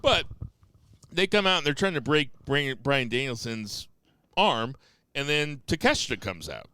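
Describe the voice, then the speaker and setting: Bright, teasing podcast co-host man. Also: mid-range voice, very animated, a little slow, no room sound, studio quality. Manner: teasing, profane, quizzing his co-host. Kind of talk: casual wrestling podcast chat.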